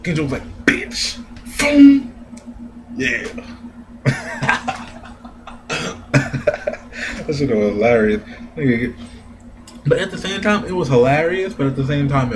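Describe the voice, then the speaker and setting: A man giving a casual, profane anime review rant, animated and laughing often. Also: medium pitch, noisy background. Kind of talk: casual ranting commentary.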